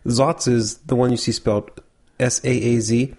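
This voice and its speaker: A man co-hosting a casual beer tasting podcast, relaxed and explaining beer facts as he thinks aloud. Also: mid-range voice, moderate pace. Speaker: podcast co-host.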